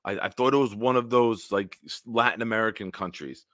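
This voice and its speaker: A man hosting a casual solo livestream, telling stories in a rambling, animated way with big swings in loudness. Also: lowish voice, fairly quick, no room sound, studio quality. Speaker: livestream host.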